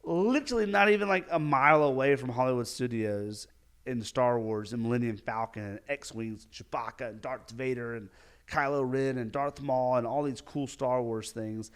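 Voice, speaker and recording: A man hosting a casual solo podcast, animated and rambling, filling his talk with "like". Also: medium pitch, moderate pace, clean tone. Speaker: podcast host.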